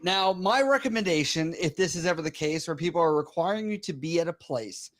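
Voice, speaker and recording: A man co-hosts a reaction show and gives measured, practical advice in casual commentary. His voice is a bit high for a man, and his delivery is steady and explanatory. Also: slight background noise. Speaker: co-host.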